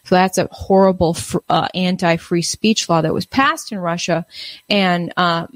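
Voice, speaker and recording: A woman giving casual news commentary, halting and full of fillers and restarts. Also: lowish voice, steady tone, no room sound. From United States.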